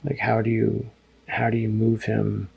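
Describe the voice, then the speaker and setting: An American man, a former army analyst, recalling combat in a sober interview, speaking haltingly with frequent restarts. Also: fairly low pitch, monotone, vocal fry, a little mellow, slightly rough. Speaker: podcast guest, former army intelligence analyst. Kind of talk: reflective interview recollection.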